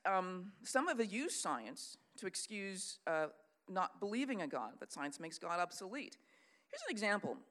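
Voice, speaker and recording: An earnest Christian speaker giving a sermon-style teaching talk at a middle pitch. The delivery is lecturing and unscripted, with restarts and reading from quoted books. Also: a bit bright. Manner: earnest, lecturing, reads out long quotations.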